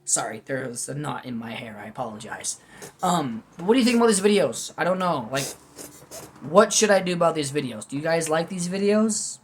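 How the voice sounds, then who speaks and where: A man's voice: fairly high pitch, sing-song, a little fast, noisy background. A man talking freely and without a script as he reviews food at home, wandering from topic to topic with candid, goofy asides. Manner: rambling, candid, self-deprecating, goofy asides. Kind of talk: unscripted casual commentary.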